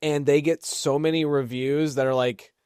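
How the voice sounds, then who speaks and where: A man's voice: a little high, steady tone, normal speed, a little mellow, clear, resonant tone, dry recording, clean studio sound. A man co-hosting a podcast, telling business stories in casual chat and laughing between points. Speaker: podcast co-host.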